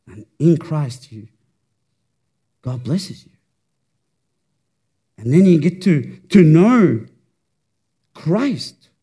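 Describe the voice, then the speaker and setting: Fervent, slow-preaching high-voiced man. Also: sing-song, warm tone, breathy edge. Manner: fervent, rhetorical, repeats words for emphasis. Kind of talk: sermon.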